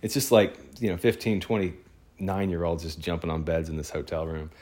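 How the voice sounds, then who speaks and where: Man, very low voice, casual storytelling, rambling, excitable. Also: moderate pace. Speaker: photographer.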